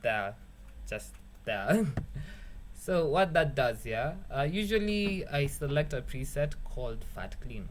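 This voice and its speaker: A man's voice: mid-range voice, lively intonation, takes it slowly, slight background noise. A young man hosting a beat-making tutorial in a loose, rambling way, swearing casually and joking at his own expense. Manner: rambling, self-mocking, swears casually, laughs at own jokes. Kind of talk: casual screen-recorded tutorial.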